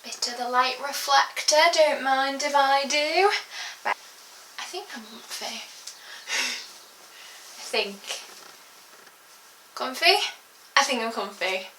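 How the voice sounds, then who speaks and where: A woman's voice: sits high, slow pace, long pauses, fairly bright tone, a little hiss or hum. Bubbly chatty young Englishwoman vlogging. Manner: chatty and rambling, full of giggles and fillers. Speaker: beauty vlogger. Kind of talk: casual chatty haul video. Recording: echoey room.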